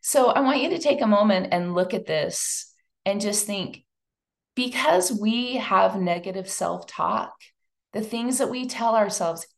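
A woman's voice: mid-range voice, a little slow, vocal fry. A woman giving a chatty, emotional talk to a live audience. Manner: chatty and emotional, lively asides. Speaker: speaker at a women's event.

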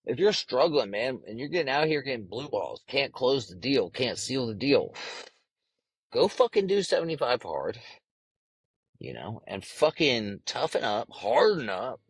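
A man's voice: mid-range voice, big pitch swings, measured pace, long pauses, breathy edge, dry recording, rough recording. Brash, profane young man on a podcast. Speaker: podcast host. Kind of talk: casual solo podcast monologue.

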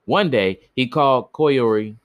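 On his podcast, a man with a medium-pitched voice reads a myth at a measured pace, pausing for joking, slang-filled commentary and tripping over names. There's no room sound.

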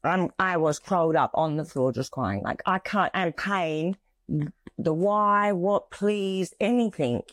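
Halting, heartfelt woman sharing. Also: fairly low pitch, no room sound. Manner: halting, searching for words, heartfelt. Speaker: podcast co-host. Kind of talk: casual emotional conversation.

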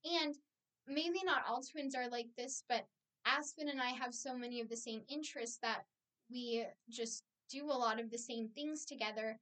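A woman's voice: a little high, normal speed, a bit bright. A young woman co-hosting a casual podcast, playful and explaining her ideas at length. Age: young adult. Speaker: podcast co-host. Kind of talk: casual chat. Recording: too far from the microphone.

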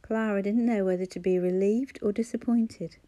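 A woman narrating an audiobook in a measured, expressive way. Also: mid-range voice. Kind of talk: scripted narration.

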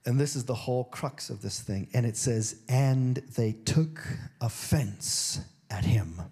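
A male pastor preaching a sermon in a conversational way. He drops low and quiet to read scripture, then climbs high and emphatic, often acting out other people's voices. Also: a little slow, slightly rough. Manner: swings between low, hushed reading and high, emphatic stretches.

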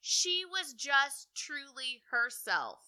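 A woman co-hosting a casual podcast about reality TV, laughing often and chiming in with quick agreement. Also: high voice, sing-song, bright, forceful tone. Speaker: podcast co-host.

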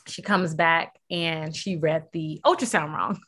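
A woman's voice: low voice, a little slow, a bit bright. A young woman candidly recounting a personal story, using many fillers and acting out what people said. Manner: candid, filler-heavy, acts out quoted voices. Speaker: guest sharing personal story.

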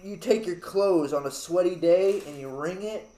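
A young man talks in loose, rambling casual chat, peppering his story with swearing and filler words. His voice sits a little high, and it bounces around an echoey room. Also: moderate pace, mellow. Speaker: new father.

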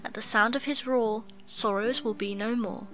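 A woman's voice: a little high, steady tone, moderate pace, faint music behind, lightly acted. A woman voicing a gloomy, earnest male beaver in a storybook reading, confiding and dramatic. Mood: eager.

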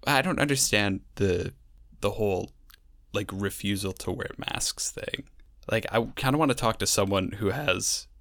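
A man's voice: on the low side, normal speed, a bit bright, no room sound. Dry-voiced young man, wry podcast chat. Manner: wry, sarcastic, rambling storyteller. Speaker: podcast co-host. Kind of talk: casual chat.

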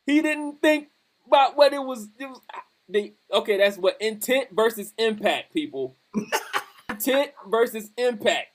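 Man, podcast host, high voice, animated, laughing storyteller, casual chat. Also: a little slow.

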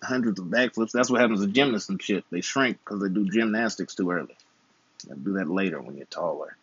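Man, twenties, husky, slangy teasing uncle, dull dry recording. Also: low voice, fairly quick, fairly bright tone, no echo. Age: 20s. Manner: playful, slangy, teasing advice. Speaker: uncle and channel host. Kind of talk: casual chat while gaming.

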